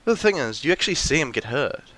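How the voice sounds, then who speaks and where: A man's voice: mid-range voice, big pitch swings, quick pace, bright, forceful tone. A young man in a ranty, rambling monologue, full of restarts and fillers, with mocking acted-out quotes of characters. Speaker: video essayist.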